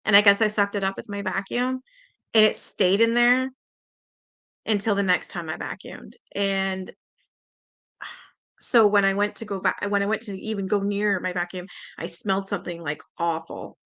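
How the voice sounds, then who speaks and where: A woman's voice: medium pitch, steady tone, moderate pace, a bit bright. A Canadian woman hosting a livestream, reading aloud and chatting loosely with her viewers, swearing freely and laughing often. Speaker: livestream host.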